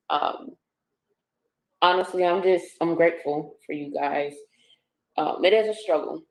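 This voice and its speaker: Emotional woman guest in an echoey room. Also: low-pitched. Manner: soft, halting, with many pauses. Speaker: poet and activist guest. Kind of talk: interview answers.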